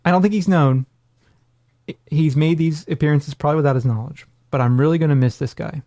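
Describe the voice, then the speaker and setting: A man's voice: a little high, a little fast, warm tone, no room sound, clean studio sound. A man co-hosting a podcast in casual chat, joking and rambling with self-deprecating asides. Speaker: podcast co-host.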